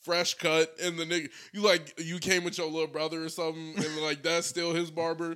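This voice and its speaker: A man's voice: fairly high pitch, flat delivery, fairly quick, a crowd in the background. A young man in casual chat, trading slangy, laughing banter as a podcast co-host.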